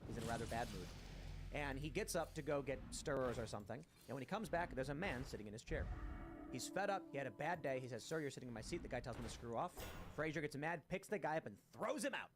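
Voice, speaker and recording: A man hosting a casual panel talk, telling stories in an animated, rapid way. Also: medium pitch. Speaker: host.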